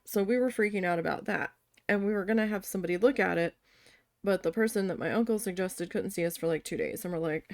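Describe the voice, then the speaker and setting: A woman's voice: mid-range voice, fast, gravelly, dry recording. Young woman vlogger rambling about a road trip, swears a lot, does little voices for people, dry close sound. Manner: chatty, swearing, quoting others in lively voices. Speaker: crafting vlogger. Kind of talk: casual storytelling while crafting.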